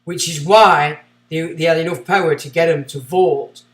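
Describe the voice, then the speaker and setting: A man's voice: on the high side, fairly even intonation, moderate pace, a bit bright, roomy sound, distant mic. A man hosting a livestream, reading out passages and breaking off into scornful, sarcastic asides. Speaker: livestream host. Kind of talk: ranting commentary while reading aloud.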